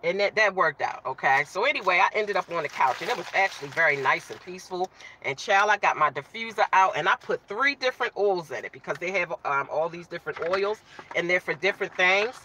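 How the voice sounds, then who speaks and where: A woman's voice: on the low side, animated, brisk, pushed and bright, a little hiss or hum. A woman hosting a casual live stream, chatting with viewers, greeting them by name and talking while she eats.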